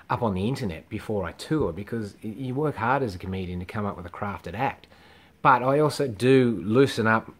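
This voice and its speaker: A man's voice: fairly low pitch, husky. A middle-aged Australian man, a comedian, delivering a blunt, profane, rambling rant straight to camera. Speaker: comedian vlogger. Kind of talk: ranting monologue to camera.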